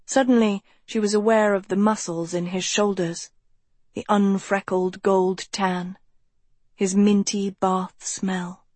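Narrating an audiobook, a woman tells the story in a steady, measured way. Her voice sits in the middle range, and the recording has no room sound.

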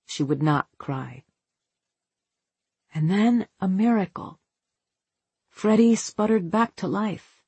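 A narrator reading a novel aloud as an audiobook in a measured, unhurried way. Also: medium pitch, steady tone, a little mellow, slightly rough, dry recording.

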